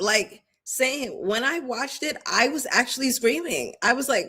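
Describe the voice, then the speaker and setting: A woman's voice: sits high, expressive, a little slow, few pauses, bright, forceful tone, breathy edge. A woman giving casual live-stream commentary on a reality show, chatty and emphatic, addressing viewers directly.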